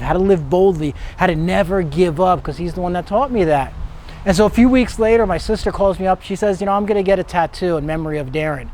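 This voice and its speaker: A man's voice: high voice, a little mellow, slight background noise. A middle-aged man, a motivational speaker, telling a personal story in an earnest manner that builds to emphatic peaks.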